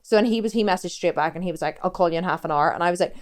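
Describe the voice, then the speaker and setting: A woman's voice: lowish voice, rapid-fire. A woman talks candidly in a personal vlog, rambling and interrupting herself as she tells her story. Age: 40s. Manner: rambling, confessional, self-interrupting. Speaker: fitness coach and vlogger.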